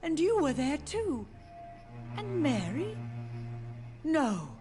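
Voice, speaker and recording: A frail old mother speaks in a rather high, lilting voice that rises and falls widely. She sounds gentle and dreamy, lost between tenderness and grief. Loud game music plays underneath. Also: very animated, slow pace, exaggerated voice. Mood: confused, tender. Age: older. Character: frail confused elderly mother, grieving and wandering in mind.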